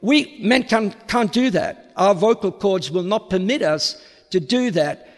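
A man with an Australian accent with a slight American tinge, a priest giving a public lecture in an unhurried way, repeating words as he searches for the next. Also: sits high, animated. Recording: long reverb of a hall.

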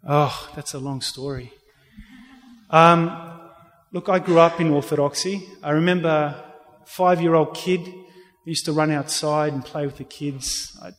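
An earnest man recounts his faith as an interview guest, slightly high for a man. He often restarts his sentences as he tells the story. His voice rings with a long reverb, as in a big hall. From Australia. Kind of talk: personal faith testimony.

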